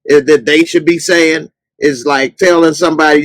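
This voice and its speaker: Animated male podcast host, dry close sound. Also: on the high side, normal speed, few pauses, no echo. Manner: animated, bursts into loud mocking outbursts. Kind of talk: casual livestream chat.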